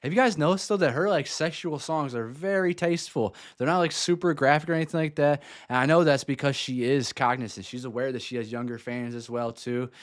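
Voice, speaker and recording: A man's voice: mid-range voice, fairly quick, hardly any pauses. A man hosting a music reaction video, talking enthusiastically and casually, thinking aloud with fillers.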